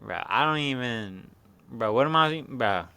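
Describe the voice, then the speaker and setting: A man's voice: medium pitch, lively intonation, measured pace, bright, forceful tone, smooth. A young man hosting a casual fight recap, rambling along in slang and constant swearing.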